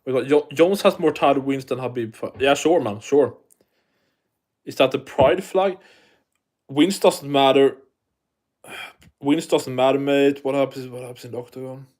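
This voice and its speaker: A man's voice: mid-range voice, measured pace, long pauses, darkish tone. A man from Sweden, hosting a casual live stream, chatting and reading the chat aloud while swearing freely.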